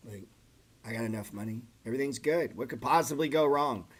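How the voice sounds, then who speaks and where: A middle-aged man hosts a trading livestream, chatting casually and bluntly, swearing often and calling listeners "man" and "bro." His voice is mid-range, brisk and slightly rough.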